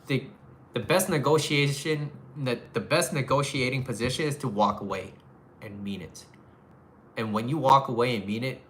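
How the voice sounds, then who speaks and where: A man's voice: lowish voice, sharp tone, slight background noise. A man giving casual relationship advice to a live audience, talking frankly, swearing casually and repeating his phrases.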